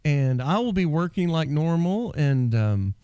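Laughing, lively radio host man. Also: on the high side, unhurried, clear, resonant tone, no echo, clean studio sound. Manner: jokey, laughs often, teasing. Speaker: radio talk show host. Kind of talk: casual radio banter. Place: radio studio.

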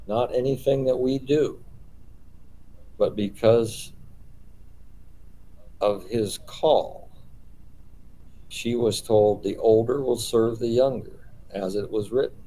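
A man's voice: medium pitch, mellow, rough recording. A man leading a small-group Bible study, explaining patiently and posing rhetorical questions.

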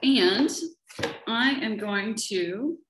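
A woman educator reading a picture book aloud to young children, gentle and slow, often asking them questions, over a webcam. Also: medium pitch, slight background noise. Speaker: children's nature program educator. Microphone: laptop or webcam for a video session. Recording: echoey room.

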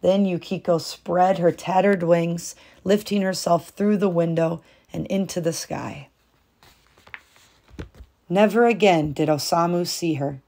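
A woman reads a storybook aloud in a calm, measured way. Her voice is low and gravelly with plenty of fry. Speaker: storybook reader. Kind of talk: read-aloud storybook narration.

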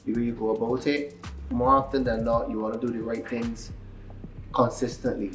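A young man chats with a close friend in an easygoing way. He laughs often and restarts his sentences. His voice sits at an average pitch, picked up from a distance in a roomy space with soft music underneath. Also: moderate pace. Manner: relaxed, laughing, hesitant restarts. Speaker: cricketer, interview guest. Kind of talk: casual chat between friends.

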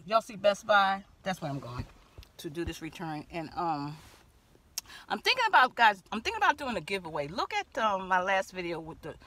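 Animated woman ranting in her car. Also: on the low side. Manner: animated storytelling, acting out dialogue. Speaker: vlogger. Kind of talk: car vlog rant. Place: inside a parked car.

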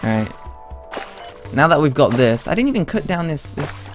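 Game music plays in the background as a young man from Britain streams a game, chatting playfully and responding to his chat. His voice sits on the high side, very animated, at a normal speed.

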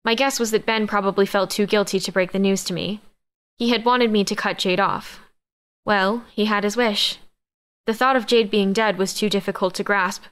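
A woman reads first-person narration in a mid-range voice. Her delivery stays even and measured throughout. It sounds like a scripted audiobook narration. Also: medium pitch, clean tone.

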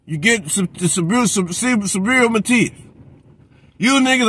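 Man ranting, high and heated. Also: expressive, measured pace, bright, forceful tone, husky. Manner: profane, repeats a catchphrase, mocks others in put-on voices. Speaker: boxing commentator. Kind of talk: heated rant.

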